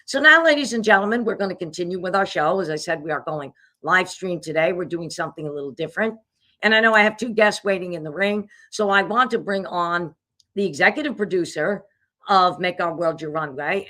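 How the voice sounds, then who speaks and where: Female host, lower register, bright tone; upbeat, promotional delivery over a video call. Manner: upbeat, promotional, spells out web addresses slowly. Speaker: host and pageant CEO. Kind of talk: live-streamed show hosting.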